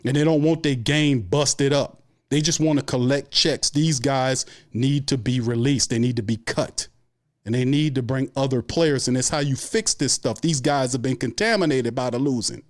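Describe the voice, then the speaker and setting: A man's voice: mid-range voice, normal speed. Guy hosting a live sports stream, mad and cussing, ranting on and on, regular mid voice. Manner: angry, profane, repetitive ranting. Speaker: sports show host. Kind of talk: heated fan rant on a live stream.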